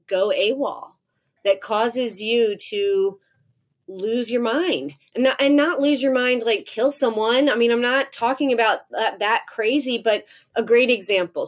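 A woman in her forties, a professor guest on a podcast, talking candidly and acting out heated exchanges as she tells stories. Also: mid-range voice. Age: 40s. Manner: animated storytelling, acts out heated exchanges with laughter.

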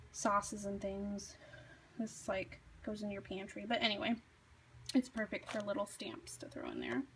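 A woman's voice: a little high, slight background noise, poor audio. A woman in her thirties giving a casual, chatty tour of her home craft room, filming as she talks, with lots of fillers and self-deprecating asides. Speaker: craft vlogger.

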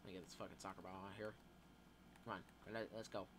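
A man giving profane, excitable, joking gameplay commentary as a YouTuber. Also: low-pitched, quick pace, noisy background. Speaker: gaming YouTuber.

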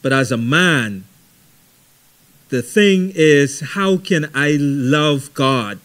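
A middle-aged man leading a Bible study, teaching conversationally with lively stories and frequent "right?". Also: on the high side, very slow. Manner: animated storytelling, frequent ums and repeated "right?".

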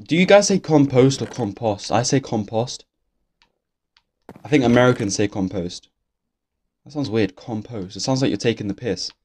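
Young man, lowish pitch, swears a lot, rambling game commentary. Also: darkish tone. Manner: swears constantly, grumbles, rambles. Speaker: gaming YouTuber. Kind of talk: casual let's-play commentary.

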